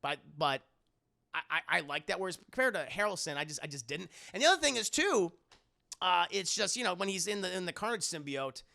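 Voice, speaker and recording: A man's voice: high-pitched, expressive, brisk, gravelly, bright, forceful tone. A man giving a casual, rambling movie review on a live stream. He repeats himself, swears, and breaks off to chat with his viewers.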